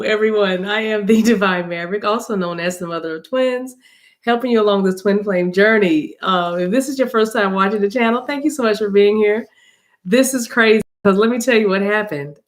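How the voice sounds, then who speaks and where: A woman hosting a spiritual reading livestream on her phone, chatting casually with viewers, laughing, and calling them y'all. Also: medium pitch. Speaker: spiritual reader and channel host.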